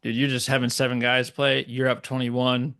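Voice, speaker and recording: A male podcast co-host recaps basketball in a loose, conversational way, full of fillers. His medium-pitched voice is monotone and fairly bright, with vocal fry, at a normal speed.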